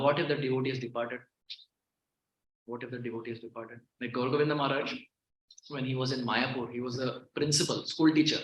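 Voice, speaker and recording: Male preacher, sermon delivery, hushed then emphatic, bright ringing tone, roomy temple echo. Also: medium pitch. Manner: earnest, repeats key phrases, swings from hushed to emphatic. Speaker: visiting devotional speaker. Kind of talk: devotional sermon. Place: temple hall. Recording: echoey temple hall.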